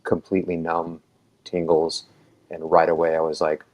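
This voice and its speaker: A man with a very low, deep voice tells a long story in a relaxed podcast chat. He rambles, restarts his sentences and fills the gaps with "um"s, then slips into the voices of the people in the story. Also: moderate pace, dull audio. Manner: rambling, filler-heavy, acts out quoted dialogue. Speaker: EMT telling his story.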